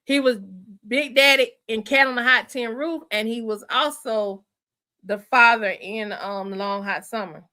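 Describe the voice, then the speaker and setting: A woman hosting a casual livestream chat, animated and thinking aloud, calling her viewers y'all and honey. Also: a little high, measured pace. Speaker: livestream host.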